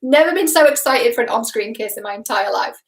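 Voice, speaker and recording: A woman's voice: a little high, expressive, fast, slight background noise. A young adult woman from Britain, a relationship expert giving a casual reaction vlog, chatty and emphatic, laughing often and swearing casually. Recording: roomy echo.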